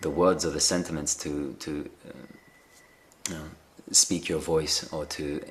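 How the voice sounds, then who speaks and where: A man with a very deep voice gives a reflective spiritual talk over a live video call. He speaks gently and unhurriedly, pausing often with fillers and restarts, with a faint hum of ambient noise behind him. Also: little pitch movement. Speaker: spiritual teacher.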